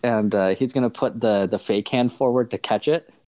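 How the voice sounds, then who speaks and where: Player describing his character, a man who talks haltingly, full of fillers, medium pitch. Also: dark tone. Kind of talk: playing a tabletop game.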